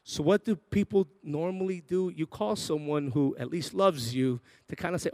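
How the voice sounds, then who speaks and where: A man preaching a sermon built around a personal story, swinging between loud bursts and quiet, intimate asides, and acting out the voices of people in his story. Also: mid-range voice, moderate pace, no room sound.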